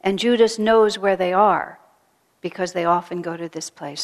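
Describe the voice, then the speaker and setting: A woman acting as a spiritual teacher retells a sacred story, soft-spoken and earnest, often sinking to a hush and repeating phrases for emphasis. Her voice is lowish, and the sound suggests a large room.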